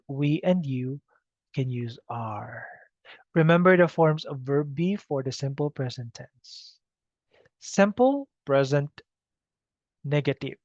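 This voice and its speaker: A man's voice: medium pitch, gravelly, darkish tone, no room sound. A man teaching an English grammar lesson, speaking patiently and often checking in with "okay?" on a dull, dry recording. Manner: slow, patient, repeats "okay?" to check understanding.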